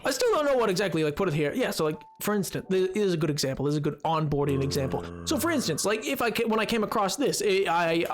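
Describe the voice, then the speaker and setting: A man's voice: high-pitched, sing-song, fast, hardly any pauses, faint music behind. A man streaming a game live, chatting casually with his viewers in a rambling way and laughing often.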